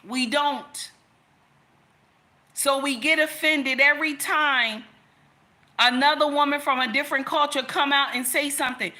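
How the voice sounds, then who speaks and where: A woman's voice: sits high, steady tone, measured pace, long pauses, pushed and bright. A woman speaking straight to her audience in an impassioned rant, scolding and repeating herself for emphasis. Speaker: commentator. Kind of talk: impassioned direct-to-camera rant.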